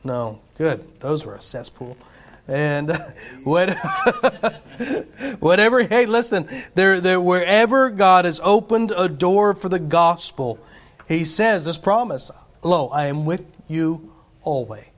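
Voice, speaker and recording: A male pastor preaching in a church, his voice sitting a little higher than most men's. He keeps it conversational, firing rhetorical questions and asides at the congregation and stumbling through restarts and filler words as he goes. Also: expressive, slow pace. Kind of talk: sermon.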